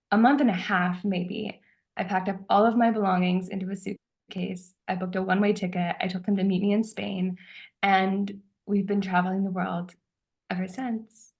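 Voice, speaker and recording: Woman, casual storytelling, chatty, filler words, gravelly fry, mid pitch. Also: darkish tone. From United States. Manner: chatty, many "like" fillers, breaks into laughter, acts out dialogue.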